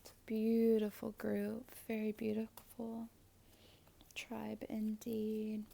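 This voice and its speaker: A woman leads a prayer and a tarot reading in a hushed, half-whispered way, her mouth slightly swollen after dental work. Her voice sits fairly high and stays flat and even, with a gravelly fry. She talks slowly, with a faint noise behind her. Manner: soft, often half-whispered delivery. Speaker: tarot reader and astrologer.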